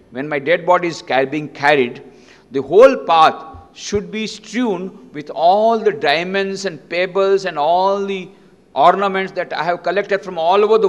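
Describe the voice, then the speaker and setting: Man doing a tired dying emperor, quiet n solemn, echoey hall. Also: sits high, voice pushed up. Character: dying male emperor, weary and resigned. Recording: long reverb in a lecture hall.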